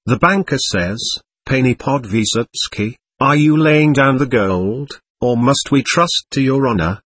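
A man's voice: medium pitch, a little slow, a bit bright, slightly rough, no echo. A man reading a haughty male gambler who speaks formally and with stiff politeness, in a storybook reading. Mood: storytelling. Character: haughty Polish gambler, male, dealing cards.

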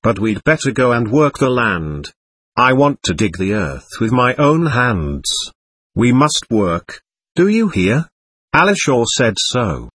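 A man's voice: mid-range voice, fairly bright tone, slightly rough, no echo, exaggerated voice. A man voicing a passionate, impulsive young woman in an audiobook, pleading and emotional. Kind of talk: audiobook narration.

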